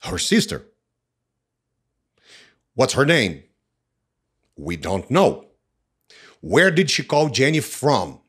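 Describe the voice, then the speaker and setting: A man's voice: medium pitch, wildly swooping pitch, slow, pauses often, a bit bright, slightly rough. A man with a Brazilian Portuguese accent teaching English, repeating phrases and asking and answering his own questions, mixing in Portuguese explanations. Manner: switches between English and Portuguese. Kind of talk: language lesson reading and explaining a story.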